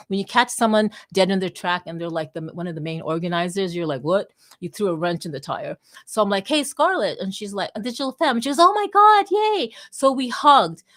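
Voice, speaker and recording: Chatty woman telling a story. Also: on the low side. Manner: chatty storyteller, many restarts. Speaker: host. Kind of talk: casual chat on an audio space.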